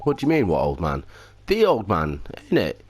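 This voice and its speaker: A man's voice: low voice, huge pitch swings, normal speed, slight background noise. Man reading as a chatty fairy sidekick. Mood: cheeky. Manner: loose, half-hearted read-aloud, no accent. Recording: game music underneath.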